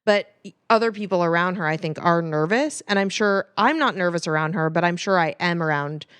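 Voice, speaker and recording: A woman's voice: lowish voice, fairly quick, fairly bright tone, clean tone, no room sound. An American woman co-hosting a podcast, talking frankly in casual chat and swearing freely. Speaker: podcast co-host.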